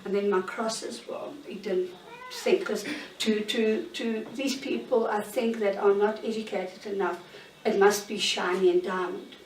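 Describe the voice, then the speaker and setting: A woman tells her story candidly, pausing and searching for words. Her voice sits in a mid register and comes across an echoey room from some distance away from the mic. A faint background hiss is present throughout. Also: mid-range voice, fairly even intonation. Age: 60s. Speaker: interviewee. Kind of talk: personal account in an interview. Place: bedroom in her own home. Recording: roomy sound, mic at a distance.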